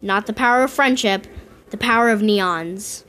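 A woman giving casual game commentary to her viewers in an excitable way, often squealing and gasping. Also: mid-range voice, normal speed. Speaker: gaming video host.

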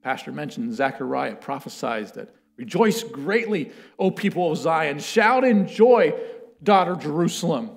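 High gravelly guy preaching a sermon, reads scripture, goes big then drops to a whisper. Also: normal speed, few pauses. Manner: dramatic, swinging from loud to hushed.

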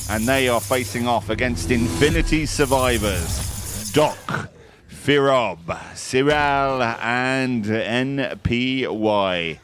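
A man hosts and casts a live esports tournament, giving play-by-play with irreverent jokes and playful banter. His medium-pitched voice is slow, with background noise in the recording.

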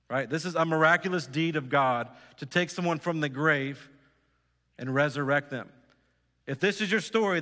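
A man's voice: a little high, sharp tone. Preaching man in a reverberant church. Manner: earnest preaching with repeated phrases and direct questions to the congregation. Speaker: pastor. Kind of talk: sermon. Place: church sanctuary.

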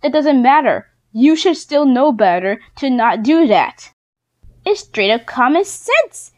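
A young woman YouTuber ranting indignantly in a casual vlog, quick and exasperated. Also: sits high.

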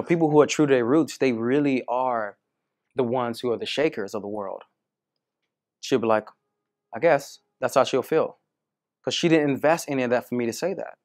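Male dating coach, casual lively storyteller, mid-range voice. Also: mid-range voice. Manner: animated storytelling, acts out quoted women. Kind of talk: coaching talk to a student.

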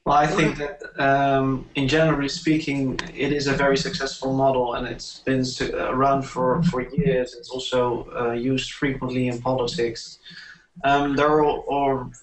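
A man speaking in a measured way on a panel. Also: mid-range voice, little pitch movement. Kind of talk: panel discussion. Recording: echoey room, distant mic.

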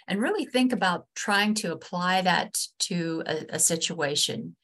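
A woman trainer with a West Virginian accent giving a webinar lesson over a video call, earnest and halting, with many restarts and fillers. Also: lowish voice, expressive, a bit bright. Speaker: state ombudsman and trainer.

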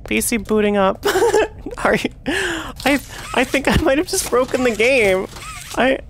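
A woman's voice: sits high, lively intonation, measured pace, a little hiss or hum. Chatty young woman streaming a game. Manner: chatty, swears and yells when frustrated. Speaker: VTuber streamer. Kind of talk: casual gameplay commentary.

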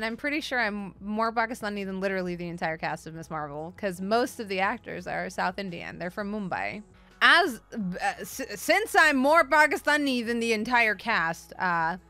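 Woman streamer, bright edgy voice, rambling profane sarcastic rant, casual commentary, faint music underneath. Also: mid-range voice. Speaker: streamer host.

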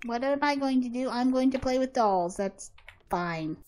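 A woman's voice: fairly high pitch, normal speed. A woman giving playful gameplay commentary, talking to her game characters and often laughing. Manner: animated, laughing, talks to the characters. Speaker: author playing a life-sim game.

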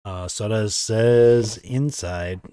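An American man with a fairly low voice, co-hosting a live painting stream. He reads viewer comments aloud in a relaxed way, with a few hesitant fillers. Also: extremely slow, clear, resonant tone. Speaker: co-host reading chat. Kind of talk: casual live-stream chat.

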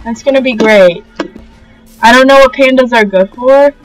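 A young woman hosting a casual let's-play, gushing and excitable as she talks to the animals in the game. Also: fairly high pitch, moderate pace, low-quality recording. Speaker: gaming channel host. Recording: faint game music behind.

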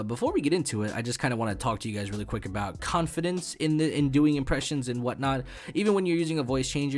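A young man in his twenties runs a casual tutorial on his gaming channel. He rambles, swears freely and stumbles over his words, packing his talk with fillers. His voice sits at an average pitch. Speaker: YouTube gaming host.

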